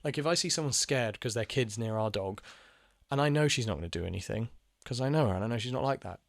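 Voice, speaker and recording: A young man talks through a personal story in a loose, unscripted monologue. He rambles, restarts his sentences and swears freely. His voice sits at a middle pitch, and the sound is dry and close with no room echo. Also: animated, quick pace, vocal fry. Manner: rambling, frank and profane, with many fillers and restarts. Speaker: channel host telling personal stories. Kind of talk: casual monologue.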